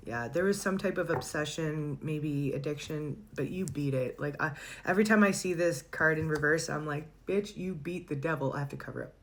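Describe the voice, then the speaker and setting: Woman, low voice, casual tarot reader, chatty, laughs a lot. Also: moderate pace. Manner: chatty, warm-hearted, laughs often, searches for words.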